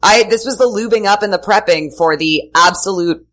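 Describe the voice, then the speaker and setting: A woman's voice: medium pitch, normal speed, fairly bright tone. A woman hosting a comedy podcast, bantering in a playful, crude, joking way. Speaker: podcast host. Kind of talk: casual comedic chat.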